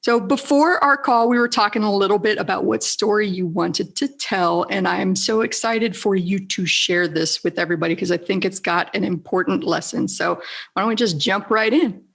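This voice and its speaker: A woman's voice: medium pitch, moderate pace, gravelly, a bit bright. An American woman hosting a podcast, chatting in a bubbly, enthusiastic way. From United States. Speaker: podcast host. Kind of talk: casual interview chat.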